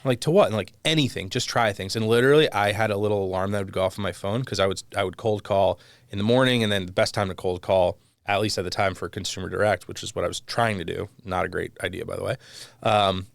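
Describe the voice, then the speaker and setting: Low-pitched and fast with vocal fry, this mortgage company executive is a podcast guest in a casual interview. He's a lively, self-deprecating storyteller who trails off searching for names, recorded close and dry with no room sound.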